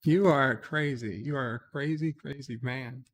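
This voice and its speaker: A livestream host reads his viewers' chat out loud in a casual late-night stream, replying offhandedly and hesitating with many "uh"s. He has a mid-range voice and an unhurried delivery.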